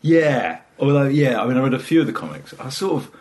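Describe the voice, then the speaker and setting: A man's voice: medium pitch, very animated, quick pace, a little mellow. A British man in his late thirties, a comedian chatting casually on a podcast, rambling and jokey and swearing freely. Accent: British English. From Britain. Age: 30s. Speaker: comedian guest.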